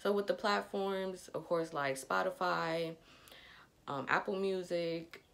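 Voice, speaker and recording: A woman's voice: lowish voice, slow pace, creaky, fairly bright tone. A young woman talking casually to her viewers as a vlogger, chatty and upbeat, with a slight lisp and frequent fillers. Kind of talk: casual chat to camera.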